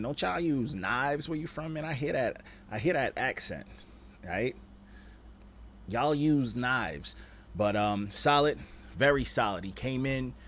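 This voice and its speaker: A man hosting a stream and critiquing rap submissions in a casual, animated way, full of slang and "you know what I'm saying". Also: medium pitch, a little hiss or hum. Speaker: rap judge and stream host.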